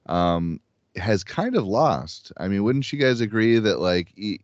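A man's voice: on the low side, big pitch swings, measured pace, a little mellow, no room sound. A man in a casual discussion, talking hesitantly with many fillers and restarts. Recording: dull lo-fi dry sound.

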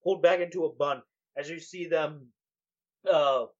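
Male game master, laid-back, halting narration, slightly high voice, lo-fi sound. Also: steady tone. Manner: laid-back, hesitant, many fillers.

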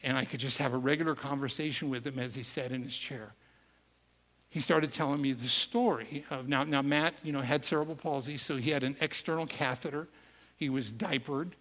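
A man's voice: mid-range voice, steady tone, a bit bright. Earnest man preaching in a hall. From United States. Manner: earnest, conversational, slows for emphasis. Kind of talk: sermon storytelling. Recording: echoey hall reverb.

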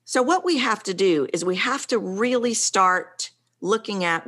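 A woman's voice: medium pitch, very animated, measured pace, few pauses, fairly bright tone. A woman speaking as a vocal coach in an interview, talking animatedly and acting out the voices in her examples. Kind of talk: conversational interview.

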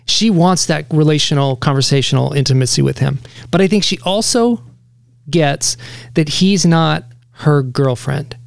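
A man co-hosting a podcast, talking casually and pausing to pick his words with care. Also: on the high side, vocal fry, no room sound, studio quality. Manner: careful, searching for the right words. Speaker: podcast co-host.

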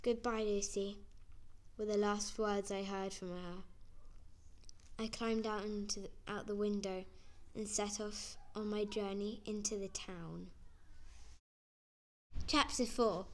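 A woman reading a first-person story aloud in an earnest, plain way. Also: mid-range voice. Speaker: narrator.

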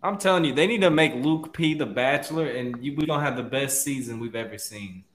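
A young man with an ordinary middle-pitched voice talks with his friends. He is animated and laughs easily. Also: brisk, a little hiss or hum. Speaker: friend in group chat. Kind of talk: casual chat.

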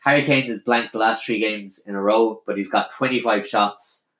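A man's voice: on the low side, steady tone, moderate pace, a bit bright, a little hiss or hum. Chatty man hosting a podcast. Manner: chatty, swears, reads out listener questions. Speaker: podcast host. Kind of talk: casual podcast chat. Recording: roomy echo.

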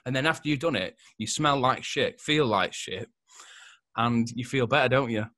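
A bright, laughing, swearing man. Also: medium pitch, normal speed, no room sound, studio quality. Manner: laughs a lot, swears freely, rambling. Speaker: podcast host. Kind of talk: casual chat.

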